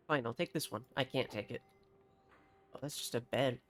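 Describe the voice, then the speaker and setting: An excitable streamer chatting through a game live, reacting aloud and swearing freely. The pitch leaps around a lot. The voice sits at a middling height. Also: normal speed. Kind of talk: live gameplay commentary.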